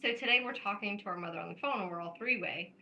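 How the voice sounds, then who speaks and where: A woman's voice: mid-range voice, quick pace, pushed and bright, poor audio. A woman co-hosting a podcast, chatting casually and laughing often as she tells family stories. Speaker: podcast co-host. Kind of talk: casual chat.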